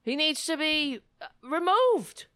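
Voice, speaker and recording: Indignant woman ranting, bright animated voice. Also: sits high, no room sound, studio quality. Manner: indignant, profane, halting restarts. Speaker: vlogger reacting to a news clip. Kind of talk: angry reaction rant.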